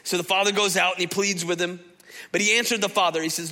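A man, preaching a sermon in a lively, conversational way and often turning to the congregation. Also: high voice, quick pace. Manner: animated, conversational preaching, addresses crowd as y'all. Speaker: pastor. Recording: echoey hall.

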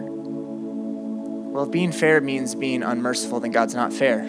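A young man preaching a sermon as a campus pastor, animated and acting out prayers in quoted voices. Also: medium pitch, normal speed, over loud music. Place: campus ministry room.

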